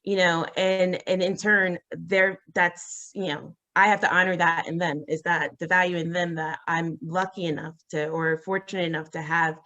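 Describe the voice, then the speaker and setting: A woman as an interview guest, telling a personal story in a halting, earnest way with many fillers and restarts. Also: steady tone, sharp tone. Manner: acts out quoted voices, rising high.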